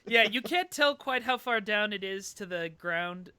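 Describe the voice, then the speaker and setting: A man's voice: high voice, lively intonation, a little slow, pushed and bright, clean tone, no echo. A man running a tabletop game as game master, who laughs easily as he narrates.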